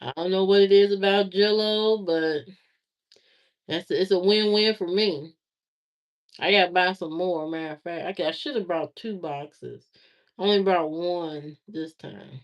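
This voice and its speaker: A Southern woman rambles through a casual livestream, talking slowly and greeting her viewers one by one. The audio is slightly dull and lo-fi. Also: lowish voice. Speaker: livestream host.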